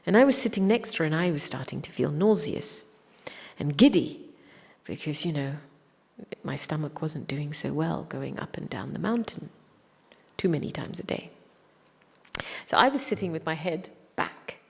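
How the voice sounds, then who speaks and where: A woman with a slightly low, breathy voice tells a personal story at a spiritual gathering. Her telling is reflective and gentle. The sound carries a long reverb from a large hall. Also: animated, normal speed. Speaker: spiritual speaker.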